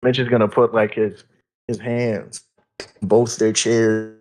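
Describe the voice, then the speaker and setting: A man playing a tabletop game, thinking out loud as he describes what his character does. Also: lowish voice, level tone, slow, low-quality recording. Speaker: player. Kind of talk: casual tabletop play.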